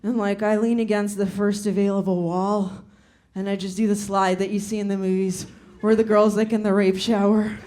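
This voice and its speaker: A young woman doing stand-up, telling a story with lots of laughter and shouted voices. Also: medium pitch, flat delivery, normal speed. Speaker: stand-up comedian.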